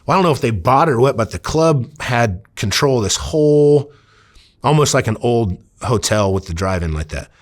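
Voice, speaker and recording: A man's voice: mid-range voice, lively intonation, normal speed. A man from Iowa, a former undercover officer, telling stories casually in an interview, rambling with many fillers and acting out quoted dialogue. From Iowa, USA.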